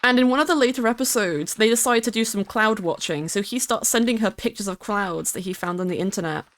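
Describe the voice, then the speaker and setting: A woman's voice: medium pitch, a little fast, dry recording. A woman streamer chatting casually and rambling while she plays, swearing now and then and reading her chat aloud. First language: English.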